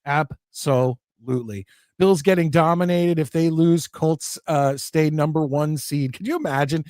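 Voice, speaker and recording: A man's voice: on the high side, a little slow, a little mellow, dry recording, clean studio sound. A man hosting a casual sports talk show, reading viewer comments aloud and ranting with many restarts. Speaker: podcast host reading chat.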